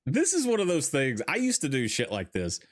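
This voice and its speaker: A man's voice: mid-range voice, wildly swooping pitch, fairly quick. A man hosting a podcast, chatting casually while watching a film, laughing often and swearing freely. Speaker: podcast host.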